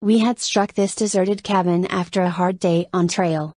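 A woman narrating an audiobook in a steady, measured storytelling voice. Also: fairly low pitch, dry recording. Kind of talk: scripted narration.

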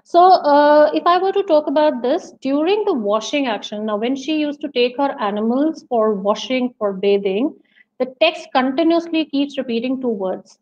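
High-voiced woman giving a webinar talk. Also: normal speed, a little mellow, muffled recording. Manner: explains patiently, many fillers and restarts. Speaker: teacher trainer. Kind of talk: webinar lecture. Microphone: video call.

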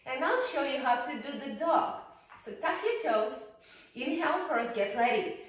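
A woman teaching yoga to small children, playful and coaxing, often asking them questions as she guides the poses. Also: high voice. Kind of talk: guiding a children's yoga class. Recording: echoey room, voice from far off.

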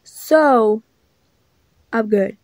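A woman's voice: fairly high pitch, very slow, darkish tone, dry recording. A young woman telling a casual storytime vlog, chatty and blunt, full of filler words. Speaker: vlogger.

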